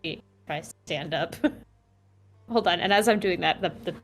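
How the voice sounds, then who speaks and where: A woman's voice: fairly low pitch, moderate pace, soft background music. A woman playing a tabletop game, talking hesitantly with many fillers and giggles. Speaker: player.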